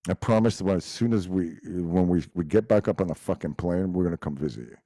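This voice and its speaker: A middle-aged man with a Montreal accent whose first language is French, talking in a casual chat, animated and swearing freely. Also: low-pitched, brisk. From Montreal, Quebec. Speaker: guest musician.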